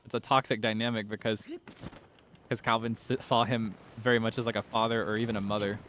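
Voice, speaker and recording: A man's voice: lowish voice, level tone, a little fast, a little hiss or hum. Chatty man streaming a game. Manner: chatty, giggly, thinks out loud. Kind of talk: casual gaming livestream commentary.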